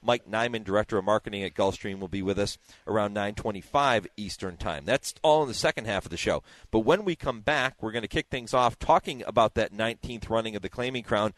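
Low-voiced male radio host. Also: brisk, hardly any pauses, fairly bright tone, dry recording. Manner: chatty, rambling with restarts. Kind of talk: casual radio chat.

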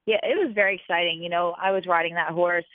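A woman's voice: lowish voice, fast talker, dry recording. Talkative woman guest, filler-heavy storyteller, tinny phone-line audio. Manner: chatty, animated, with many fillers. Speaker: jockey, interview guest. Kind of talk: casual interview storytelling.

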